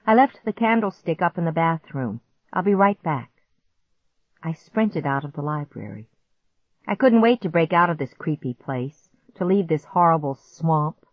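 Lower-voiced woman narrating a spooky story. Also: dry recording. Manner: tense, suspenseful storytelling. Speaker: audiobook narrator. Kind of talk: scripted first-person narration. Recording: dry, dull lo-fi recording.

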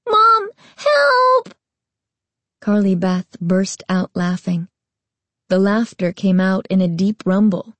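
Slow, dry woman narrator. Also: on the low side, level tone, warm tone, no room sound. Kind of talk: storybook reading.

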